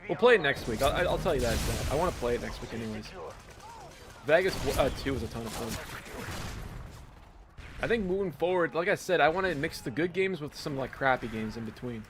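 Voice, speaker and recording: A man chatting casually with viewers in a relaxed, talkative way while playing online games on a live stream. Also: a little high, brisk, background noise. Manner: relaxed, chatty, talks to viewers mid-game.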